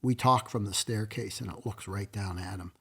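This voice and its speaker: A man's voice: on the low side, normal speed, vocal fry, a bit bright, husky. A man being interviewed as a guest, telling stories in an emotional, folksy way. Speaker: museum founder and guest. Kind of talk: casual interview storytelling.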